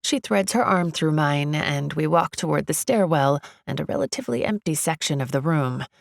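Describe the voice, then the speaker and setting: Low-voiced woman narrating an audiobook. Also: expressive, moderate pace, creaky, dry recording, clean studio sound. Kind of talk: first-person audiobook narration.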